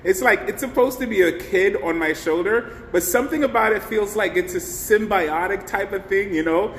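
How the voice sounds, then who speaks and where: Effusive male live-stream host, high voice, reverberant room with faint hiss. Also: moderate pace, hardly any pauses. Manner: effusive, animated, thanks viewers by name. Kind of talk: casual live-stream chat. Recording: faint background noise, long hall reverb.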